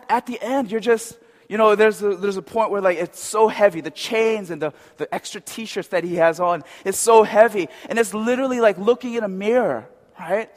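A man's voice: high-pitched, normal speed, in a large hall. A man preaching a sermon in a conversational way, often checking with the crowd. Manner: conversational, asks the crowd "right?".

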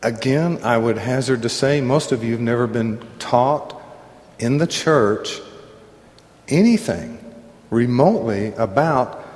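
A man preaches to his congregation at an unhurried, deliberate pace, his voice trailing into the long reverb of a big church hall. He keeps it conversational, breaking off for asides and clearing his throat now and then. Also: mid-range voice, a little mellow. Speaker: pastor. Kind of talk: sermon.

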